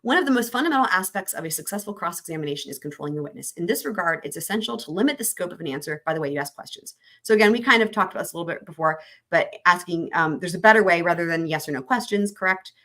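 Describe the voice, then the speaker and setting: Woman host on a livestream, lowish voice, reads legal stuff out loud then goes off on chatty asides. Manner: reads legal text aloud, then breaks off to chat and answer viewer comments. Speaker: livestream host reading trial commentary. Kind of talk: casual explanatory livestream.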